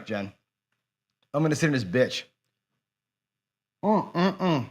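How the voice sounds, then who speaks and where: A man's voice: medium pitch, fairly bright tone. A man hosting a live dice-game stream, muttering and swearing in frustration as he talks to his viewers. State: dejected after a loss. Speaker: host of a live craps stream.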